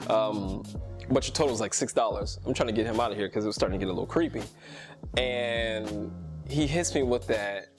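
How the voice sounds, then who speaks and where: A man vlogging, telling a personal story in a casual, animated way, laughing often and acting out the people he quotes. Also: medium pitch, normal speed. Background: music.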